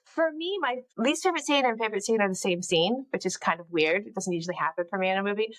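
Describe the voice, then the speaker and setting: A woman's voice: mid-range voice, lively intonation, no echo, rough recording. A woman hosting a podcast, chatting casually about a film, joking and asking her set questions. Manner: chatty, quick jokes, asks set questions. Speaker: podcast host.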